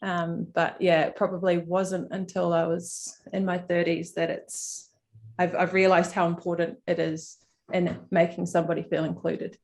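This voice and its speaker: A woman talks casually as a panelist over a video call mic. Her voice sits low and runs fairly flat. It has a gravelly fry, and she fills her speech with relaxed restarts. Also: normal speed. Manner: relaxed, frequent fillers and restarts. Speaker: cricket player on a panel.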